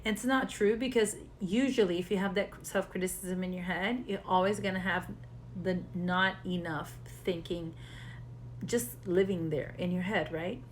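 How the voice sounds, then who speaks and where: A woman's voice: fairly low pitch, steady tone, moderate pace, slight background noise. Chatty woman therapist explaining. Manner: conversational, repeats words, laughs often. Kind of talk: casual explanatory teaching.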